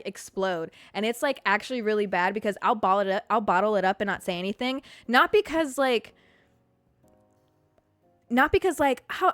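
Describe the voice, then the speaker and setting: A young adult woman hosting a podcast alone, talking candidly about herself, swearing freely and laughing often, her voice jumping high when she reacts. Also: no room sound. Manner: animated, jumps to high pitch when reacting. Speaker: podcast host. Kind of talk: casual solo podcast chat.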